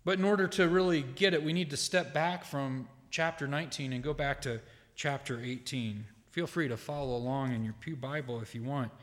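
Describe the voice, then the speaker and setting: A man preaching a sermon from a church pulpit, measured and deliberate, with emphatic quoted lines and casual asides to the congregation. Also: medium pitch. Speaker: pastor. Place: church sanctuary. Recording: long hall reverb.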